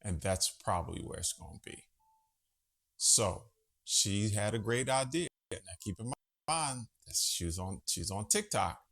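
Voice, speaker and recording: Animated rambling man vlogging from home. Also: lowish voice, a little slow, vocal fry. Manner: rambling, chatty, profane, easily sidetracked. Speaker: vlogger host. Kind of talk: casual monologue vlog.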